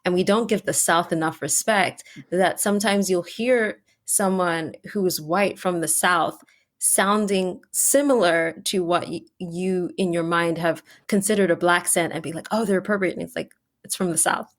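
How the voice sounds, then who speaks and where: A woman hosting a podcast interview, chatting casually with many "like" fillers and speeding up when excited. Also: on the low side, normal speed. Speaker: podcast host.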